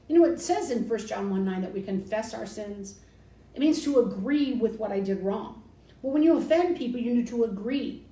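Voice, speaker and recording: Animated older woman, distant outdoor mic. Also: on the high side, moderate pace. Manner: animated, mimics others with sarcastic quotes. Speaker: Christian speaker. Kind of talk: casual teaching talk. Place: balcony outdoors. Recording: roomy, distant, faint background noise.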